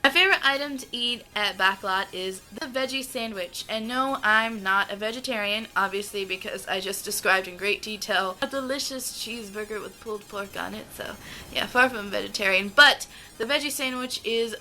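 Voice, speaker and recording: A woman's voice: mid-range voice, sharp tone, soft background music, poor audio. A young American woman gushing about her favorite foods in a casual vlog, stretching out her words. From United States. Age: young adult. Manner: gushing, enthusiastic, drawn-out words. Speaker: vlogger.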